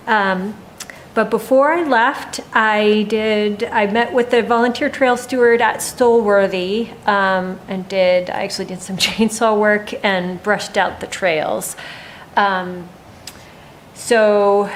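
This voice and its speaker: A woman delivers her coordinator's update at a town meeting at a slow, easy pace. She talks informally and stops often to gather her thoughts. A faint hum sits under her voice. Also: medium pitch, steady tone, low-quality recording. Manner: unhurried, informal report with frequent pauses. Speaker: land stewardship coordinator. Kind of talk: staff report at a town meeting.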